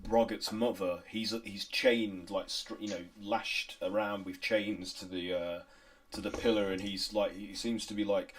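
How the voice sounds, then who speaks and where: A man narrating as game master, halting and improvised, with many restarts. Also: on the low side, steady tone, a little hiss or hum.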